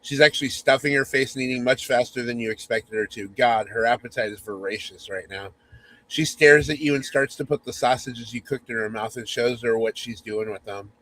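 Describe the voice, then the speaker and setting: Male host reading a spoof romance aloud; mock-sultry, teasing, medium pitch. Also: fairly even intonation, fairly quick, fairly bright tone, slight background noise, low-quality recording. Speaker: podcast host.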